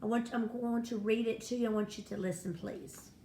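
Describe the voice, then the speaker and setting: A woman's voice: fairly high pitch, steady tone, fairly quick, dark tone. A woman teaching a first-grade spelling and phonics lesson, speaking patiently and encouragingly to young children. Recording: echoey room with faint noise.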